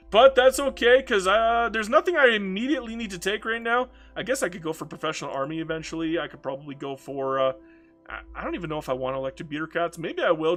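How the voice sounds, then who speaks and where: Ranting Canadian man, high voice. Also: bright, forceful tone. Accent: Canadian English. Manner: ranting, swears freely, repeats words. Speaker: strategy game streamer. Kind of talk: casual gameplay commentary.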